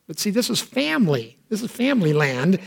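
A man's voice: high voice, sing-song, a little fast, vocal fry, slightly rough. A man preaching a sermon, talking conversationally and acting out quoted lines with dramatic voices. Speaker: pastor.

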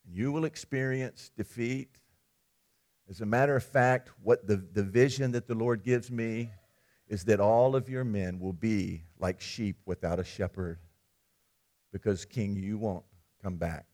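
A man voicing a sarcastic, unbending ancient prophet in a retold story, speaking in a low, measured, solemn way. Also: darkish tone, lightly acted. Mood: grave.

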